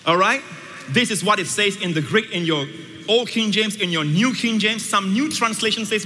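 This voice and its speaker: A male pastor preaching a sermon, emphatic, swinging between loud high peaks and hushed low passages. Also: animated, normal speed. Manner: emphatic, with sweeping shifts between loud highs and quiet lows. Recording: reverberant hall with faint ambience.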